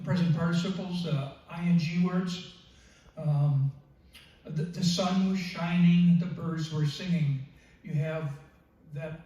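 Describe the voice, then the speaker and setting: Halting man with a dark voice. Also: a little high. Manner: halting, many fillers and restarts. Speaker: writing group member presenting. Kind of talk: workshop talk on poetry. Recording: echoey room, distant mic, dull sound.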